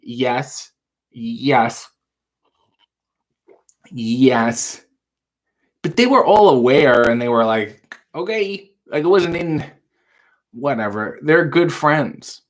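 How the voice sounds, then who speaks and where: A man's voice: a little high, expressive, measured pace. A man hosting a casual late-night livestream, answering viewer chat with dry, wry quips. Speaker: livestream talk show host reading viewer chat.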